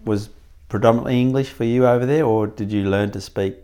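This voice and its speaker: A man's voice: medium pitch, fairly even intonation, brisk, dark tone, clean tone. A man interviewing a relative, asking short and casual follow-up questions.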